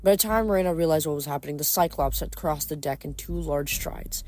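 A woman reading a novel aloud and adding rambling, expressive commentary between chapters. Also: low voice, fairly quick. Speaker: audiobook reader.

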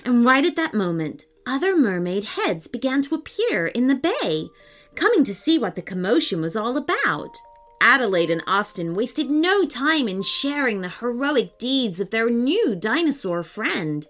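Lively woman reading a children's story. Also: on the high side, unhurried. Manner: expressive, lilting. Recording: soft background music.

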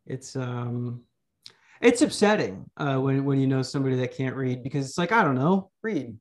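Over a remote call mic, a podcast host with a medium-pitched, animated voice chats at a normal speed. His talk is casual and crude, rambling along with jokes and frequent restarts.

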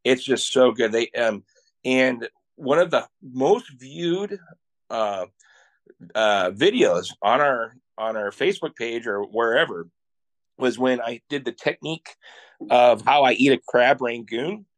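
A man from Iowa, a podcast guest, telling travel stories in an animated, excitable way and laughing often. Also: mid-range voice, a little slow. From Iowa, USA. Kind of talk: casual interview storytelling.

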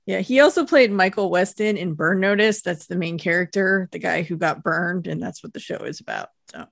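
A woman co-hosting a podcast in casual chat, recapping in a relaxed, easygoing way. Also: fairly low pitch, a little fast, gravelly, no echo, studio quality. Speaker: podcast co-host.

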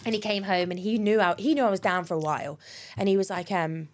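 A woman's voice: mid-range voice, quick pace. Chatty young woman telling a story. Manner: chatty, animated storytelling with laughs and swearing. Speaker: podcast co-host. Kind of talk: casual chat.

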